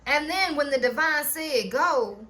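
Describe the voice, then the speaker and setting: A woman does a loose, chatty tarot reading in a slightly higher voice that is expressive, a little slow, bright and pushed. After almost every thought she checks in with "okay?", laughing often and swearing now and then.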